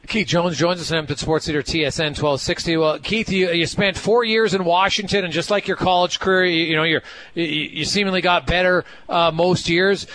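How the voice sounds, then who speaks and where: Bright-voiced male sports radio host. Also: a little high, steady tone, a little hiss or hum. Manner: conversational, halting restarts while asking. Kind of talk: radio interview questions.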